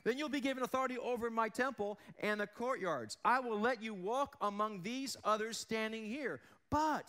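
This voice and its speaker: High-voiced man preaching a sermon. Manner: earnest preaching, drops low and quiet for emphasis; asks the congregation questions. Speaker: pastor.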